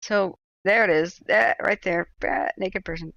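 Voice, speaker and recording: A woman's voice: medium pitch, a little slow, fairly bright tone, dry recording. A woman hosting a livestream from home, telling a rambling personal anecdote with chatty asides. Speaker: livestream host. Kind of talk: casual storytelling chat. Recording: dry, slightly dull sound.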